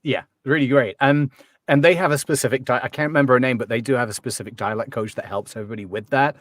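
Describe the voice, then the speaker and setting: A man's voice: mid-range voice, fast talker, a bit bright, no echo, clean studio sound. A man talking casually as an accent coach in an interview, chatty and full of ums and restarts.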